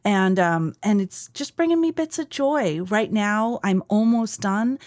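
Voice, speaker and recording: A woman's voice: mid-range voice, lively intonation, measured pace, darkish tone, dry recording, studio quality. A woman co-hosting a podcast, chatting casually and enthusiastically about shows and books she has watched and read. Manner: chatty, enthusiastic, mimics others with silly voices. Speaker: podcast co-host. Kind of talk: casual chat.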